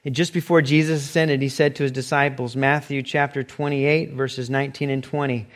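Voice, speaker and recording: A middle-aged man preaching a sermon as pastor, animated, sometimes acting out short quoted exchanges. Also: mid-range voice, a little fast.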